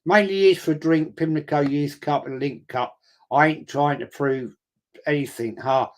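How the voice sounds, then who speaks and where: A man's voice: on the high side, steady tone, normal speed. An older man, hosting a football watch-along and telling blunt, sweary, confrontational stories in casual chat. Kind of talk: casual live-stream chat.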